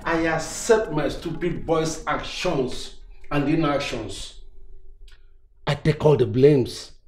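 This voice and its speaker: A fussy husband with a Nigerian accent who begs and soothes in long, theatrical phrases. His pitch swings widely between high and low. Film music plays faintly behind him. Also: expressive, moderate pace. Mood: pleading. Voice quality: wordy, pleading, theatrical. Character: fussy, pleading husband trying to keep peace. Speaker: film actor. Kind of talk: Nollywood film acting.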